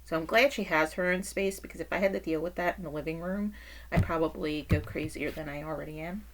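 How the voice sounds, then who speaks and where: In a fairly quick, low-sitting voice, a middle-aged woman recounts her life as a parent and caretaker for a casual vlog, full of frequent laughter and exaggerated, animated asides. There's slight background noise.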